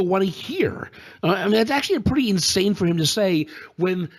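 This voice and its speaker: A man's voice: high voice, expressive, brisk. A man co-hosting a casual political podcast, talking in a sarcastic, exasperated way with many "um"s. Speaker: podcast co-host.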